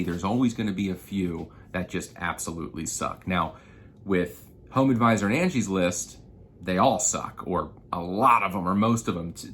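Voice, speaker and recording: A man's voice: on the low side, a little hiss or hum. A man talking casually and with frustration to roofing contractors, telling a story and venting as a marketing consultant. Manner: animated, frustrated storytelling with profanity. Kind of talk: casual vlog rant.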